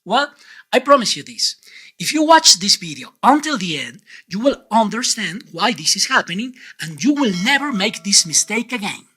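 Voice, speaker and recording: A man teaching Spanish pronunciation in an online lesson, with a clear, deliberate delivery and frequent quiz questions to the viewer. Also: sits high, very animated, bright, forceful tone.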